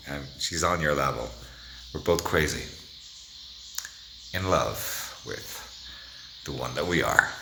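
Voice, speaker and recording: A man's voice: very deep voice, vocal fry, noisy background. A man vlogging in a meandering, self-interrupting monologue, playful and at times dropping to a whisper. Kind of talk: rambling monologue to the camera.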